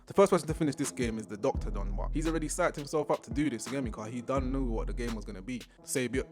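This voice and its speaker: Young man, animated slangy recap, music playing underneath. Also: rapid-fire. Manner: animated, acts out characters with big pitch jumps. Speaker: recap host.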